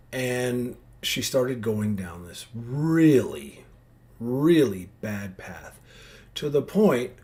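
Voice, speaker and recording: A man's voice: mid-range voice, darkish tone. A middle-aged man talking as a podcast host in a personal monologue, reflective and earnest, rambling with frequent restarts and fillers. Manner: earnest and heartfelt.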